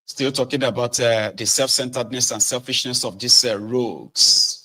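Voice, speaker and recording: A middle-aged man, hosting casual political commentary with sardonic, animated delivery. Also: mid-range voice, normal speed. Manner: animated, sardonic, swinging between mutters and outbursts.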